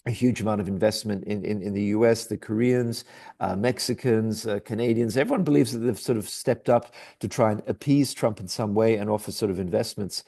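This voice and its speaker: A man with a low, gravelly, mellow voice talks through the day's markets while walking through charts. He speaks hesitantly and restarts his sentences often, with plenty of fillers. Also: brisk. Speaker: market commentator. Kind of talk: daily market commentary over charts.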